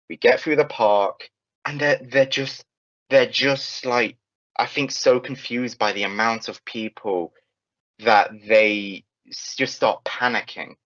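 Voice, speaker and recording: A young man telling a casual anecdote in an animated way, swearing freely and often restarting his sentences. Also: medium pitch, slow, dry recording. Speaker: storyteller. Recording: dull, lo-fi, dry sound.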